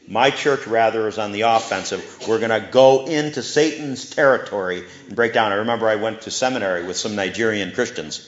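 A man's voice: on the low side, a bit bright. A man preaching a sermon and leading prayer, earnest, with rising bursts of fervent emphasis. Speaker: pastor. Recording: roomy, slightly dull sound.

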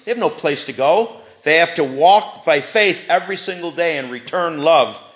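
A man's voice: fairly high pitch, lively intonation, moderate pace, a bit bright. A man preaching with earnest conviction, his voice swelling into fervent emphasis at key points. He has a mid-range voice that rings through a roomy space, and the recording sounds a little dull. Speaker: pastor. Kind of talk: sermon and prayer.

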